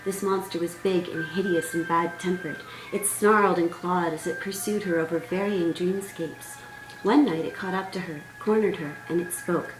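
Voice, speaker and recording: A woman author reading aloud from her own storybook in a gentle, measured way. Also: on the low side, fairly even intonation, noisy background. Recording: roomy sound, distant mic, faint music.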